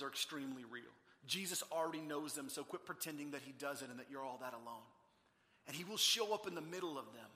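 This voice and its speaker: Male pastor, bright high voice, lively sermon storytelling with big loud-to-hushed swings, long hall reverb.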